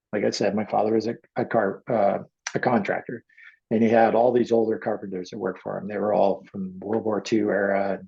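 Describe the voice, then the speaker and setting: Gravelly middle-aged man, low and husky. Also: darkish tone. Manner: halting, acts out quoted voices. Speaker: guest artist. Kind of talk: emotional personal storytelling. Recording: dull lo-fi audio.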